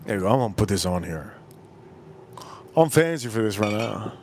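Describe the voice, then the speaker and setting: An expressive livestream host in his forties moves at a moderate pace through a rambling story on a casual stream, repeating himself and leaping into loud high-pitched impressions. A little hiss or hum sits in the background.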